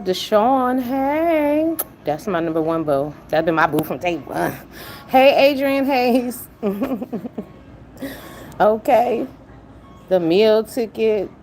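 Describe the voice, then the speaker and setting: A woman's voice: mid-range voice, warm tone, low-quality recording. A woman hosting a casual live stream from her car, chatting bluntly with profanity and greeting viewers by name. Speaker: livestream host. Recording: car noise in background.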